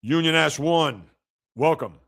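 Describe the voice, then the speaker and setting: A man hosting a live sports podcast, reacting to news and reading out viewer comments in an animated, chatty way. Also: a little high, takes it slowly, gravelly. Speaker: podcast host.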